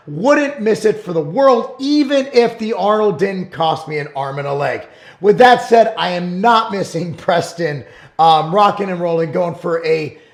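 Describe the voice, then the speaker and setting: A middle-aged man hosting his own show, talking bluntly and emphatically in a casual monologue, sometimes rising to shouts. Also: high-pitched. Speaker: show host and supplement business owner. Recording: roomy echo.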